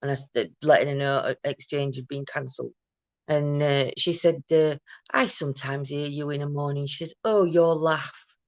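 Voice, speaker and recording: A woman chats her way through a casual morning livestream at home, greeting viewers one by one. Her laugh is big and loud. The sound is close and dry, with no room echo. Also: deep voice, flat delivery, a little fast. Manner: chatty, greets viewers by name, laughs loudly. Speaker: livestream host.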